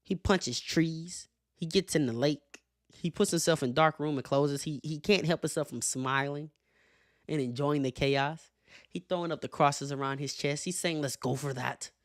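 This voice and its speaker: A man hosting a casual sports commentary show, animated and profane, laughing often as he makes his case. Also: fairly high pitch, measured pace, no room sound, clean studio sound. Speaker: show host.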